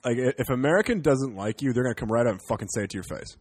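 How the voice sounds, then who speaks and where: A man's voice: medium pitch, expressive, racing, darkish tone, no echo. A man from Canada, a comedian, rambling and joking in casual podcast chat with some swearing.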